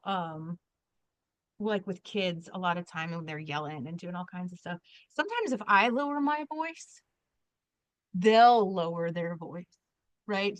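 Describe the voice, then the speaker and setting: A woman's voice: mid-range voice, no room sound. Woman teaching a zoom workshop from home, chatty, laughs a lot, dry close sound. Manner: chatty, laughing, lots of likes and restarts. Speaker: trainer. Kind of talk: online workshop talk. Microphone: video call.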